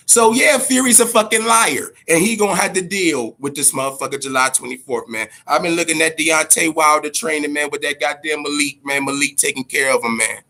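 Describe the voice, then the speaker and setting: A man's voice: a little high, brisk, few pauses, bright, forceful tone. A man hosting a casual boxing talk show, ranting heatedly and swearing freely.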